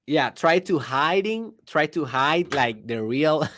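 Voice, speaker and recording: Here a podcast host, a young man whose native language is Spanish, narrates slowly in a slightly high voice, laughing through an animated, loosely worded motivational story. The sound is clean studio audio with no room sound.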